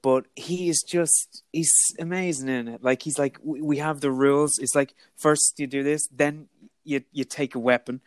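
A man's voice: mid-range voice, clean tone, no room sound, studio quality. A man chatting as a podcast guest, enthusiastic and rambling. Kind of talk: casual podcast chat.

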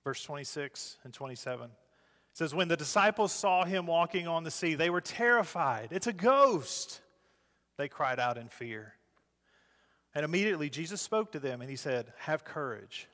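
Pastor preaching in a reverberant hall. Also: male voice, fairly high pitch, animated. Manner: moves between loud urging and soft, slow quiet phrases. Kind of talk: sermon.

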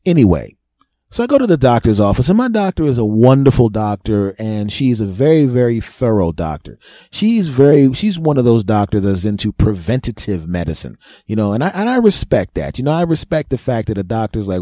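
A man's voice: medium pitch, very animated, normal speed, mellow, no room sound, clean studio sound. A man hosting a podcast, delivering a profane, self-mocking comedic monologue. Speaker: podcast host.

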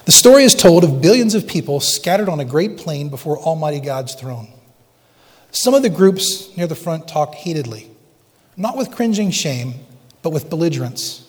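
A pastor delivers a sermon in a somewhat high voice, earnest and dramatic. He reads a story aloud, sometimes falling to a hush. His words ring with the long reverb of a church sanctuary. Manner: earnest, dramatic readings with hushed pauses.

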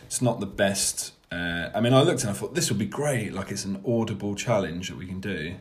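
A man's voice: on the low side, fairly quick. A young man from England co-hosting a podcast, chatting casually and joking, often calling his co-host "mate". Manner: joking, laughs a lot, says "mate".

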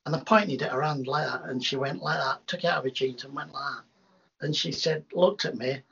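Man, gravelly husky voice, slightly high, rambling animated anecdotes, dull lo-fi recording. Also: brisk. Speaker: hypnotherapist guest. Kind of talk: casual storytelling in an interview. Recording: dull lo-fi sound.

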